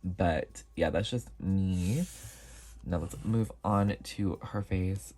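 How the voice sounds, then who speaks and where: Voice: deep voice, slow pace, darkish tone. A channel host giving a casual, chatty doll review, rambling with frequent asides.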